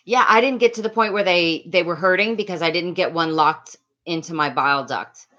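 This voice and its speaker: A woman from Latin America chatting loudly and quickly on a live stream, reading and answering viewers' comments with frequent laughs. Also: fairly low pitch, lo-fi sound. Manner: loud, fast, laughs often. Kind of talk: casual live-stream chat.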